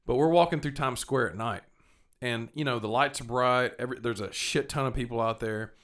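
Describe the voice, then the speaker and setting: A man's voice: mid-range voice, brisk, a bit bright. A young man with a rambling, casual way of telling travel stories, restarting his sentences and cursing now and then. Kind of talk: casual storytelling chat.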